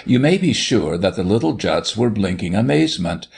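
Male audiobook reader, low gravelly voice, lively, expressive storybook narration. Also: moderate pace.

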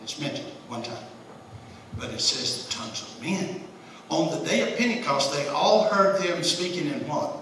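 Brief: folksy Bible study teacher, man, bright forceful voice, recorded from a distance. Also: on the high side, expressive, normal speed. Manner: folksy, conversational, chuckles often. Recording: echoey room, distant mic, faint hiss.

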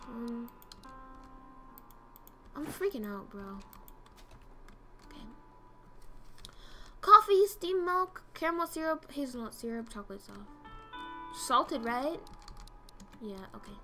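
Excitable streamer girl w/ a bright high voice, swears a lot, soft music under it. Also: slow, long pauses. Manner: excitable, swears, reads game dialogue aloud. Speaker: streamer playing a game. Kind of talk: casual gameplay commentary.

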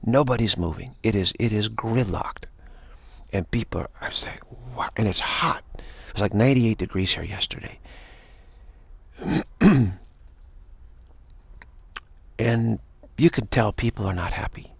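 A man's voice: lowish voice, measured pace, vocal fry, long pauses, husky, no room sound. A man telling a rambling, indignant story in a casual talk. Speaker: spiritual channel host. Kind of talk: casual spoken anecdote.

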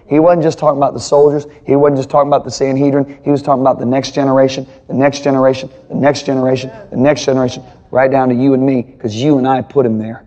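A man's voice: mid-range voice, level tone, quick pace, hardly any pauses, dark tone. A male pastor teaching a Bible lesson in sermon style, telling stories with emphatic repetition.

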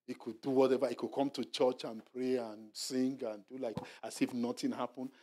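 Animated preaching pastor, a man. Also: medium pitch, moderate pace. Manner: animated preaching, drops to a hushed murmur when acting out apologies; repetitive, exhorting. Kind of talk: Bible study sermon. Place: church hall.

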